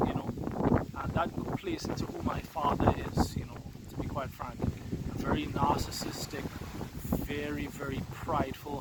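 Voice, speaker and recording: A young man with a slightly high voice tells a personal story straight to camera. He acts out the lines he quotes from his father and from himself. Loud wind and outdoor noise batter the microphone. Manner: animated retelling, quoting his father and himself. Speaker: vlogger.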